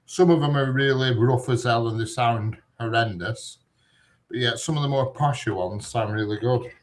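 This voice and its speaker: A man's voice: mid-range voice, normal speed. A British man in casual chat as a co-host, blunt and opinionated and swearing casually.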